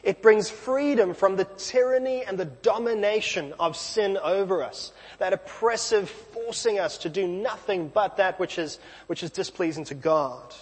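A man's voice: high-pitched, normal speed, few pauses, slightly rough, long reverb tail. A man preaching a sermon in a church, talking conversationally with light self-deprecating asides.

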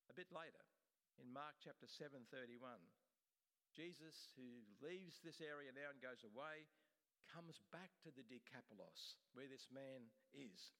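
A man's voice: mid-range voice, unhurried, bright, forceful tone. Guy preaching a sermon, chatty, keeps restarting bits, long echo off the hall. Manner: conversational preaching with frequent restarts.

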